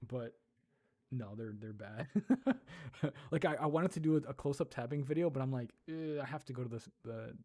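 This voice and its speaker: A man's voice: medium pitch, normal speed, warm tone, dry recording. A man from Europe hosting a casual livestream, chatting with viewers, laughing often and sounding out Portuguese words. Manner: chatty, laughs often, answers chat while practicing Portuguese aloud. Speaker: livestream host and ASMR creator.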